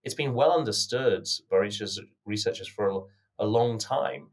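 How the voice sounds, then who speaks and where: A man with a British accent, from the United Kingdom, talking as a podcast guest in an earnest, measured way with many filler words. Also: on the low side, darkish tone. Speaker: podcast guest, company founder. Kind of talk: conversational interview answers.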